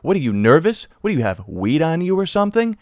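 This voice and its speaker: A man's voice: fairly high pitch, big pitch swings, fast talker, no room sound, clean studio sound, pitched above the performer's own voice. A man mimicking a sarcastic lady cop. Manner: mocking, clipped and suspicious. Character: stern sarcastic female police officer.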